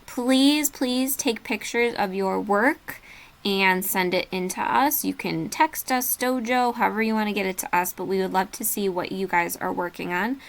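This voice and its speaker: A woman's voice: mid-range voice, normal speed. A woman teacher giving a remote reading lesson, patiently walking students through a worksheet and spelling words letter by letter.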